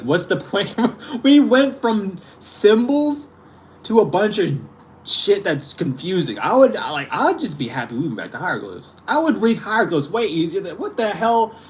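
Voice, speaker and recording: Young male host, profane casual rant, lively swooping voice, slightly high. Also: slight background noise. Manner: exasperated, profane, laughing often. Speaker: spiritual channel host. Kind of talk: casual ranting monologue.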